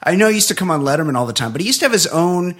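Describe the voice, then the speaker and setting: A man's voice: high-pitched, animated, very fast, a bit bright. A man co-hosting a podcast, ranting bluntly and swearing through casual chat. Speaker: podcast co-host.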